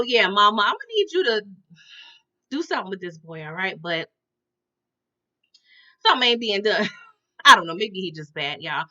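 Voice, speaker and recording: A woman giving a casual TV episode recap, animated and slangy, often checking in with "okay?" and "y'all". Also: mid-range voice, highs cut off. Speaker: TV recap reviewer.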